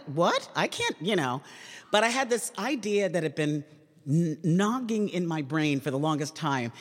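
A woman in her sixties, a comedian giving an animated, chatty storytelling talk to an audience in a lecture hall. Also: low-pitched. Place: lecture hall at a public forum. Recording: reverberant hall sound.

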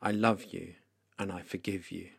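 A man speaking as a soft, forgiving Jesus. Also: deep voice, little pitch movement, moderate pace, gravelly, husky, voice pushed down, exaggerated voice. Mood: gentle. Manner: soft, hushed and tender. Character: gentle, kind, forgiving adult male Jesus.

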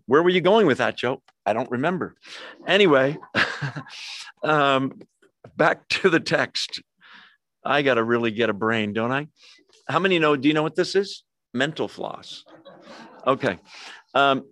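A man's voice: medium pitch, a bit bright, dry recording. A middle-aged man, a pastor, preaching a sermon in a conversational way, with jokey asides to the congregation.

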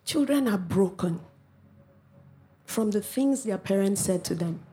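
A woman from Africa preaching a sermon, animated, with playful asides and acted-out quotes. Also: medium pitch, unhurried.

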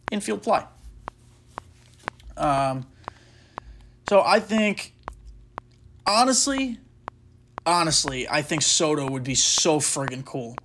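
A man with a fairly high, slightly bright voice hosts a podcast, chatting casually while he plays a baseball video game. He rambles through speculation, often breaking off mid-thought with fillers. Faint background noise can be heard.

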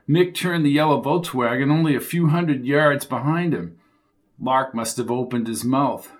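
A man reading a crime thriller audiobook with steady, driving storytelling. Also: medium pitch, normal speed. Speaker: audiobook narrator. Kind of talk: scripted thriller narration.

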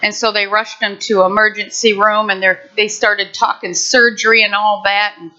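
A woman's voice: mid-range voice, flat delivery, normal speed, pushed and bright. An older woman pastor giving a heartfelt, conversational sermon with many restarts. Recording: muffled lo-fi recording.

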